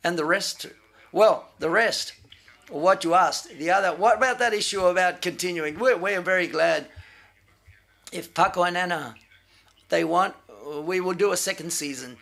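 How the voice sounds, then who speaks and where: A man with a slightly raised, gravelly voice fields press questions. He speaks haltingly, restarting phrases as he searches for the right words. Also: sits high, fairly bright tone. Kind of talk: press conference answers.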